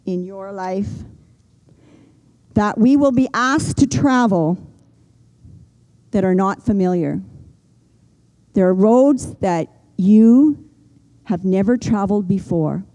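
An older woman preaching a sermon, earnest and gentle, slowing down and pausing for emphasis. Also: mid-range voice, poor audio. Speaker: pastor.

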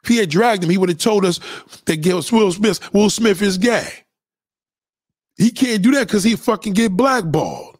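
A husky, high-pitched male voice, animated and at a moderate pace, rails at his followers with blunt, profane heat and plenty of repetition. No room sound can be heard.

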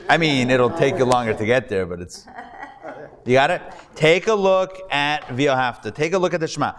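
A man's voice: mid-range voice, animated, moderate pace, fairly bright tone, a little hiss or hum. A man, a rabbi, teaching a live Hebrew reading class, patiently drilling pronunciations with his students. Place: classroom hall with a live audience. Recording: reverberant hall recording.

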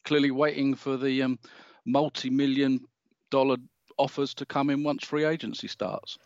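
A man co-hosting a podcast, talking in casual chat with halting restarts and dry humor. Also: medium pitch, steady tone, no room sound, muffled recording. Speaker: podcast co-host.

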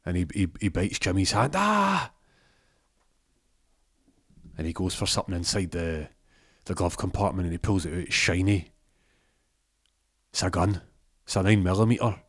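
A man's voice: low-pitched, steady tone, a little fast, long pauses, no room sound, clean studio sound. A man telling a rambling comic story, correcting himself as he goes.

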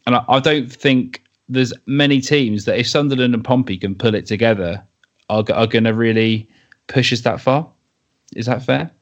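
A man's voice: medium pitch, moderate pace, highs cut off. A man hosting a casual football podcast, blunt and swearing, steering the talk between topics. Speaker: podcast host. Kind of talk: casual football fan chat.

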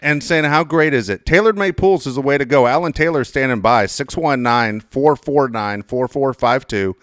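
Radio co-host, man, mid-pitched, animated storyteller who swears freely. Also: normal speed, dry recording, clean studio sound. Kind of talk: casual comedic banter with live ad reads.

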